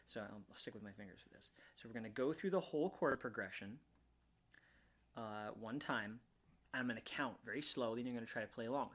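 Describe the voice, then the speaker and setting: A man's voice: mid-range voice, fairly quick, vocal fry. Brief: man, ukulele teacher, easygoing talk with restarts, ukulele playing behind him. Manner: relaxed, hesitant with restarts, counts beats aloud. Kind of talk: casual instructional talk. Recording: ukulele music under voice.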